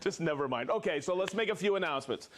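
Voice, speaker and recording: A man hosting a live tool demonstration show, talking casually with jokes and quick bursts of speech. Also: sits high, expressive, slight background noise. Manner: jokey, upbeat, quick bursts of talk. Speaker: host of a tool demo show. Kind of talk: casual live demo chat.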